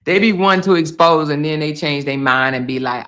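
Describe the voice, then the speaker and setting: Bright, teasing woman livestream host. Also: normal speed. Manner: laughing, teasing, swearing freely, talks straight to viewers; animated, swinging between loud exclaims and low asides. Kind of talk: casual livestream commentary reading viewer comments aloud.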